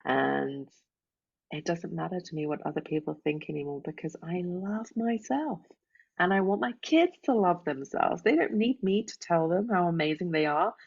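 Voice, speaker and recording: A woman life coach talks openly and from the heart, her very low voice full of gravelly fry. The audio is dull and lo-fi, and she leans on casual fillers as she speaks. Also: moderate pace, a little mellow. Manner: open, heartfelt, frequent "like" and "right?". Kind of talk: casual interview chat.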